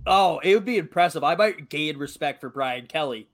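Young male co-host, light Massachusetts accent, high lively voice, jokey and profane. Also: moderate pace. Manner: animated, joking, swears freely. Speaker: podcast co-host. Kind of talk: casual chat.

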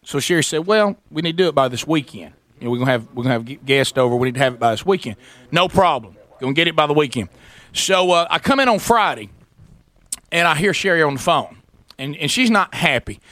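A man telling a long animated story on a radio show, acting out the voices of the people in it. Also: fairly high pitch, quick pace, dry recording.

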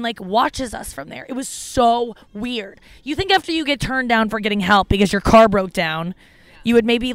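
A woman's voice: a little high, no room sound. A woman hosting a comedy podcast, telling rambling stories with lots of swearing and filler words. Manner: rambling storytelling with frequent profanity and fillers. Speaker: podcast host. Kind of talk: casual comedic podcast chat.

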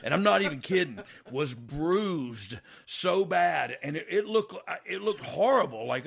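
A man's voice: a little high, animated, measured pace, gravelly, fairly bright tone, husky. A man hosting a podcast, telling wrestling stories in a casual way, laughing often and acting out quotes. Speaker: podcast host, former wrestler. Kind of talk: casual storytelling chat.

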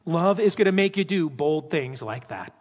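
A man preaching a sermon at his church, animated and dramatizing scripture with character voices. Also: on the high side, moderate pace. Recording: long hall reverb.

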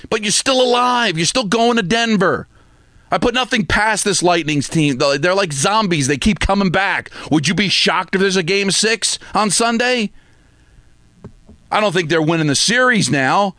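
A man's voice: high-pitched, bright, forceful tone, no room sound, clean studio sound. A man hosting sports talk, delivering an emphatic, scolding rant full of repetition. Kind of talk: opinionated sports radio rant.

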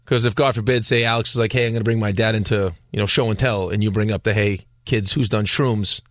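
A man co-hosting a sports radio show, teasing his partner with quick interjections. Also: fairly low pitch, fairly even intonation, dry recording, clean studio sound. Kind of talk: casual sports radio banter.

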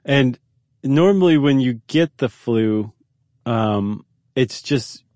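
A man's voice: mid-range voice, expressive, takes it slowly, a little mellow, no echo. A man hosting a podcast, explaining facts in casual chat with fillers and restarts. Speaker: podcast host.

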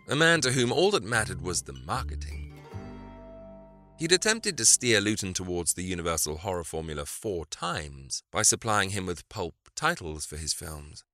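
A male narrator reading a story with drama and expression. His deep voice has a gravelly texture and a bright edge, and his pitch moves a lot, with soft music behind him. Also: no room sound. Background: faint music.

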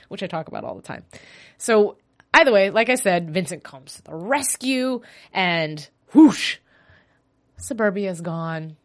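A woman hosts a fan podcast solo, gushing in a chatty, animated after-show chat. She has a medium-pitched voice at normal speed, recorded on a podcast mic.

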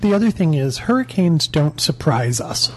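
A man's voice: a little high, big pitch swings, moderate pace, darkish tone. A man co-hosting a podcast, explaining things in a reassuring, matter-of-fact way. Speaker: podcast co-host. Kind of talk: casual podcast chat.

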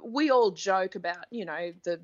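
A woman's voice: mid-range voice, normal speed, highs cut off. A woman who hosts sports TV, chatting as a podcast guest and telling stories with frequent laughter. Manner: chatty storyteller, laughs often. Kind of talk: casual chat.

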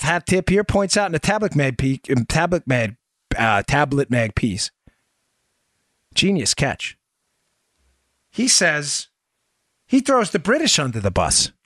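A man's voice: sits high, big pitch swings, measured pace, pauses often, fairly bright tone, no echo, clean studio sound. A man hosting a political podcast, delivering emphatic commentary full of rhetorical questions aimed at his listeners. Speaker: podcast host.

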